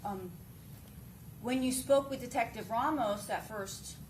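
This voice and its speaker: Woman attorney, crisp leading questions, courtroom mic with noisy hiss behind. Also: fairly high pitch, a little slow. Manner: pointed, leading questions ending in "right?". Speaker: defense attorney. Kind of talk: courtroom cross-examination.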